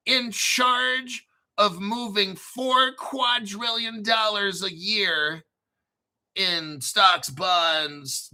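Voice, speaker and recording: A man hosting his own crypto show, talking in a hyped, profane rush and clearing his throat often. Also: high-pitched, sharp tone. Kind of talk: excitable solo commentary stream.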